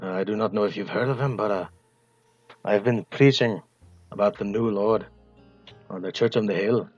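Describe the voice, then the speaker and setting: A man's voice: unhurried, vocal fry, dry recording, highs cut off, faint music behind. A man voicing a zealous male preacher who spreads the word of a new lord in a tabletop game. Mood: preaching. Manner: booming sermon-style proclaiming.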